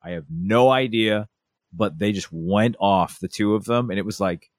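A young man telling family stories in a relaxed chat, acting out a toddler's lines with lots of energy. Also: lowish voice, measured pace, no room sound, clean studio sound. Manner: animated storyteller, acts out a toddler's voice. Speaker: podcast co-host. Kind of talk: casual storytelling chat.

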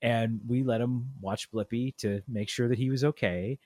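Animated dad telling a family story. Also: male voice, moderate pace, no room sound, studio quality. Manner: animated storyteller, acts out quotes with big pitch jumps. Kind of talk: casual chat.

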